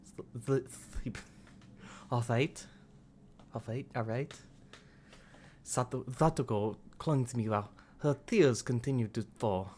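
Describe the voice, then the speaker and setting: A man voicing a gentle teenage boy narrator with a lisp, reading haltingly with restarts. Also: mid-range voice, slight background noise, lightly acted.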